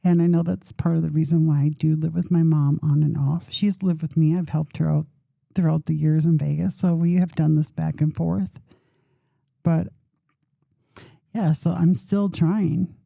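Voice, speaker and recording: A woman's voice: low voice, fairly even intonation, moderate pace, creaky, dark tone, no echo, studio quality. A middle-aged woman hosting a podcast, telling a candid personal story in a rambling, conversational way with some self-deprecating humor. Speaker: podcast host.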